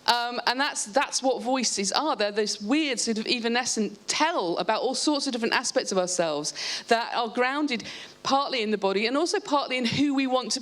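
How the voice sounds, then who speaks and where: A woman speaking on a live panel, explaining her ideas in a lively way and restarting her sentences often. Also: fairly high pitch. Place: stage at a live event.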